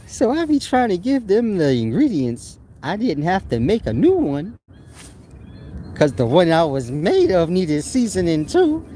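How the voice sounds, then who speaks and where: A man's voice: high-pitched, wildly swooping pitch, measured pace, warm tone, slight background noise. A man talking casually to his online audience in a slangy, rambling way, laughing often as he reads and answers viewer comments. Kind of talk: casual spoken monologue.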